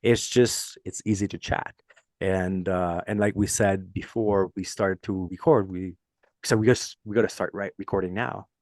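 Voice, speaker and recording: A man's voice: low-pitched, steady tone, normal speed, dry recording, studio quality. A man with a French Canadian accent hosting a casual podcast chat, earnest and rambling, laughing often as he tells stories. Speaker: podcast host.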